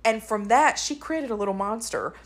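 A woman's voice: on the high side, moderate pace. A woman co-hosting a casual podcast, telling stories in a chatty way with quoted voices. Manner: chatty storyteller, animated retellings with quoted voices. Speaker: podcast co-host. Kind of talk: casual chat.

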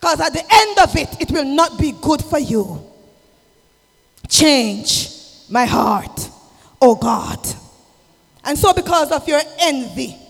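A man preaching an impassioned sermon, swinging from shouted exhortation to low, intimate asides. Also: gravelly. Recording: long hall reverb with music behind.

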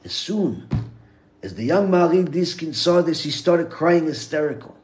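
A man, a rabbi, giving a Torah lecture in English sprinkled with Hebrew terms, telling stories with big swings from hushed to loud. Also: a little high, big pitch swings, moderate pace.

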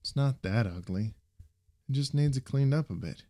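A man's voice: mid-range voice, animated, normal speed, warm tone, pitched above the performer's own voice, close to an everyday voice. A man voicing a cautious, patient young male student in a storybook reading.

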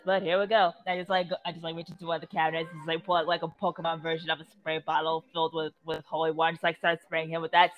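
A woman's voice: sits low, level tone, quick pace, few pauses, highs cut off. Giggly rambling woman with music behind. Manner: giggly, rambling with many fillers. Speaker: player. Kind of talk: tabletop role-play banter.

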